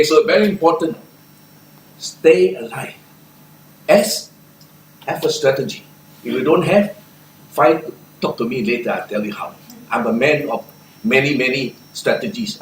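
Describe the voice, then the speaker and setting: Older singaporean man, motivational speaker, punchy and animated, recorded far off in an echoey hall. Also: medium pitch, slight background noise. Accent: Singaporean English. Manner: animated, punchy, with laughs and shouted chants. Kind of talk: lively motivational talk. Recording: echoey room, far from mic.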